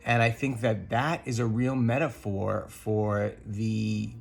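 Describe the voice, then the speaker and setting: Gravelly, husky-voiced man reflecting earnestly. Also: on the low side, flat delivery, slow, soft background music. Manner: earnest, thoughtful, many ums and restarts. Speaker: podcast co-host. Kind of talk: reflective personal monologue.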